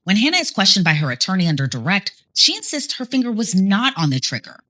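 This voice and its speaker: Quick, lively woman narrating true crime. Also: mid-range voice.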